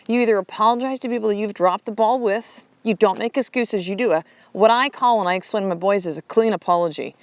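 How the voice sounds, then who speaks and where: A woman's voice: medium pitch, quick pace, hardly any pauses, no echo. A woman hosting a motivational podcast, talking bluntly and emphatically and swearing freely. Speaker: podcast host.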